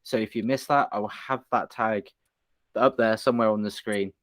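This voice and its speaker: A man's voice: on the low side, fairly even intonation, moderate pace, fairly bright tone, no echo. Male host, playful interviewer, dry close sound. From United Kingdom. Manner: chatty, teasing, laughs often. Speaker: podcast host. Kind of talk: casual interview chat.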